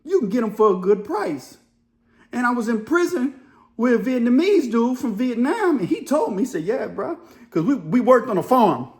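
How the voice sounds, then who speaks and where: A man's voice: extremely high pitch, big pitch swings, darkish tone. A middle-aged man with a New Orleans accent, reacting to a news story in casual, slangy talk. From Louisiana, New Orleans area. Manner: casual storytelling, drawling slang, quick laughs. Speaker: commentary video host. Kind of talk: reaction commentary.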